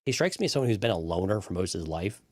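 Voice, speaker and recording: A man's voice: low-pitched, lively intonation, racing, darkish tone, no room sound, studio quality. A man co-hosting a casual live podcast, making wry joking asides and restarting his sentences as he goes. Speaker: podcast co-host. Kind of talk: casual live TV-show breakdown chat.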